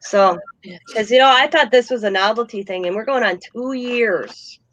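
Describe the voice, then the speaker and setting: An older woman hosting a casual chat, telling lively stories about her granddaughter. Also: on the high side, normal speed, a little hiss or hum, low-quality recording. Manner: animated storyteller, quotes her granddaughter. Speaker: host.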